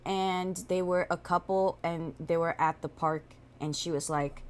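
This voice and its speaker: A woman streamer in casual reaction chat, telling a story with animated, profane energy. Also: on the low side, measured pace, few pauses, slight background noise.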